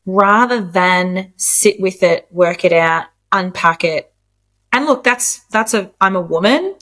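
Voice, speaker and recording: A woman in her late thirties, a podcast guest, speaks frankly in a relaxed conversation at a middle pitch. She swears freely and jumps into quoted voices when she tells stories. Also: slow pace. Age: 30s. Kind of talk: casual candid chat.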